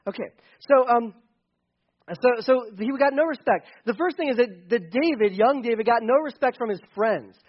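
A man's voice: very high-pitched, normal speed. A man preaching a casual, joking sermon to a young audience, with many restarts. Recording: dull lo-fi recording.

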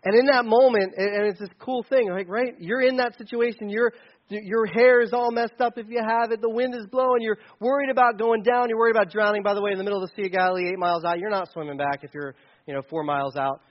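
A man preaching a sermon in a conversational, animated way, sometimes shouting for emphasis. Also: high-pitched, quick pace, highs cut off. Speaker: pastor.

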